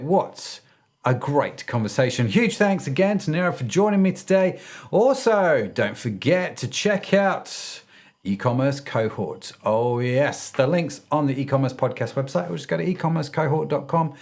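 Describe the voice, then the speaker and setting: A man's voice: a little high, very animated, moderate pace. Upbeat joking male podcast host. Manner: upbeat, jokey, effusive. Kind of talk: casual interview and show outro.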